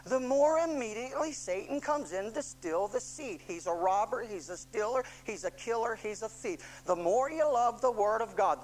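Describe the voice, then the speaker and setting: A preacher delivering a sermon with emphatic repetition and rhetorical questions, moving from hushed tones up to loud shouting. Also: mid-range voice, a little hiss or hum, low-quality recording. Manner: impassioned, swings from hushed to shouting.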